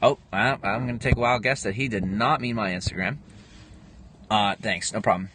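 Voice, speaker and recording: A man's voice: on the low side, moderate pace. Man in his twenties, casual livestream talk, rambling, answering comments, slight background noise. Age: 20s. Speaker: livestream host. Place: home livestream, in Pennsylvania.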